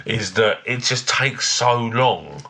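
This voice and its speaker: A man co-hosting a podcast, ranting quickly and bluntly with plenty of swearing. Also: mid-range voice, expressive, pushed and bright. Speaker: podcast co-host. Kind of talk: casual chat.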